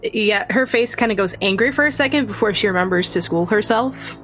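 A relaxed woman narrates her character's moves during a casual tabletop role-playing session. Her voice sits at a middle pitch, with faint music behind her. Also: a little fast. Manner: relaxed, laughs often. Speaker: player.

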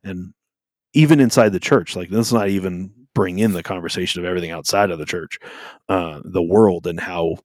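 Really low-voiced dude cohosting a faith chat, earnest, dry close sound. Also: male voice, a little fast, a little mellow, no room sound. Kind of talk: casual faith discussion.

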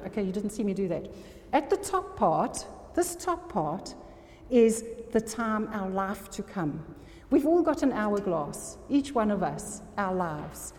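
A woman preaches an earnest sermon, frequently making sure the congregation is still following her. Her voice is mid-range and a little mellow, carried by the long reverb of a hall.

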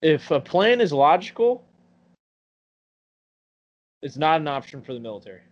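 A man's voice: a little high, sing-song, moderate pace. A man in his twenties chatting on a podcast, blunt and full of swearing as he rants through stories. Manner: blunt, profane ranting storyteller. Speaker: podcast co-host. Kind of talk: casual chat. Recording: muffled recording with faint hum.

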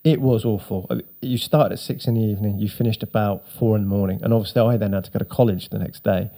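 Husky man telling stories. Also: fairly low pitch, fast. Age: middle-aged. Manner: swearing, animated storyteller acting out voices. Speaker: podcast co-host. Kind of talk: casual storytelling chat.

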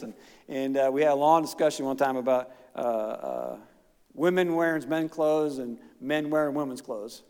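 A man's voice: on the high side, animated, a little fast, smooth. A middle-aged man, preaching a folksy, emphatic sermon in a church. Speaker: pastor. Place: church sanctuary. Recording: long reverb of a church hall.

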